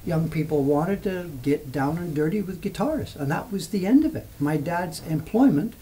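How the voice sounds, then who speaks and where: An older man in his seventies from England chats casually on a livestream, rambling and reminiscing as he answers questions. His voice sits fairly high but sounds mellow and soft-edged. A faint hum of noise runs behind him. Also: lively intonation, normal speed, rough recording. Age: 70s. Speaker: livestream host. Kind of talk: casual storytelling chat.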